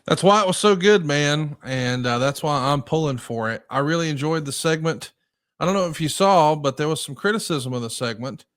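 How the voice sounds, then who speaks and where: A man's voice: fairly high pitch, moderate pace, fairly bright tone. A man co-hosting a podcast, chatting casually and prodding with questions. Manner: conversational, prompts with questions. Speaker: podcast co-host. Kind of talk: casual chat.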